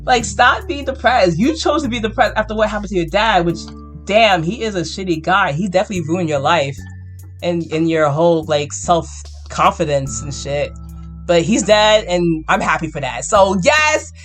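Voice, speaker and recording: A young woman giving let's play commentary, animated and foul-mouthed, laughing between lines. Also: a little high. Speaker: game streamer.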